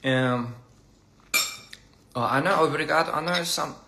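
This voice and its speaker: A man casually chatting on a phone livestream over a meal, halting and repeating words and laughing at his own slips. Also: a little high, creaky, noisy background. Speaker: livestream host. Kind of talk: casual livestream chat while eating. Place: indoors at a meal table.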